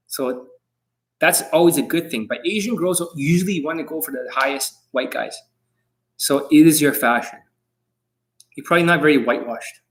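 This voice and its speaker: Male dating coach on a live stream, blunt and foul-mouthed, voice sits a bit high. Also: a bit bright. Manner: blunt, profane and brash; answers viewers' questions.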